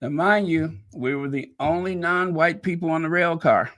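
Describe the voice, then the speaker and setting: A middle-aged man from Chicago telling a rambling personal story in a casual monologue, animated and quick to laugh at himself. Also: on the high side. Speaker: channel host.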